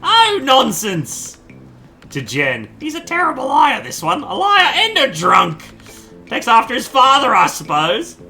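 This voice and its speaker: A man reading game dialogue aloud, voicing a fussy, chatty old mother with a shrill, warbly voice. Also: wildly swooping pitch, a little slow, gravelly, sharp tone, faint music behind, heavily acted. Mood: doting.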